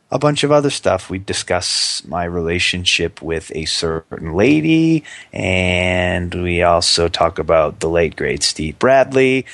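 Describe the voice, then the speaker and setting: A man's voice: sits low, no room sound. A young man co-hosting a podcast, joking around and plugging his pages in casual chat. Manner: jokey, loose plugs with fillers. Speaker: podcast co-host.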